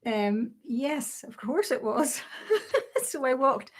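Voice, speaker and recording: An older woman telling her memories in an interview, lively and often laughing. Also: high voice, slow. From Northern Ireland. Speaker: guest. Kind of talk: storytelling interview.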